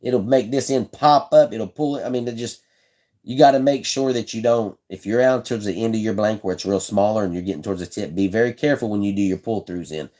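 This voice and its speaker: His voice is on the low side with a dark tone, and he talks at a quick pace. Hosting a live stream, he casually walks through how he makes fishing rods, chatting in a laid-back, folksy way, repeating himself and answering chat viewers.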